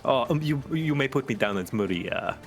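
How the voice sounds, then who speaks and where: A man's voice: mid-range voice, lively intonation, moderate pace, faint music behind, voice pushed up, lightly acted. A man voicing a vain, flirtatious dwarf woman who is a cook and cleric, speaking in a grand, theatrical way.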